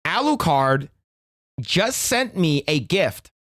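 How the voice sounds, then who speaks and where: A man's voice: fairly high pitch, sing-song, takes it slowly, a bit bright, no echo, clean studio sound. Incredulous man streaming casually. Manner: incredulous, joking outrage. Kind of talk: casual live-stream chat.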